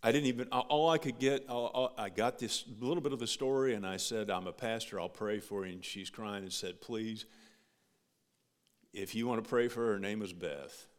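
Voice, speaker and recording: A male pastor giving a sermon, swinging from loud, rising emphasis to soft, quiet passages. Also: lowish voice, steady tone, fairly quick, hardly any pauses. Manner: preaching with big rises and soft drops. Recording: long hall reverb.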